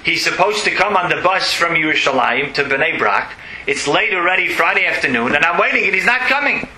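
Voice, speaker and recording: A tearful young boy, insistent and pleading, his voice climbing high and bright as a male teacher puts him on. The sound carries a roomy echo. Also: lively intonation, fairly quick, a little hiss or hum. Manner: pleading, insistent, rising to a cry. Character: crying young boy waiting for his father.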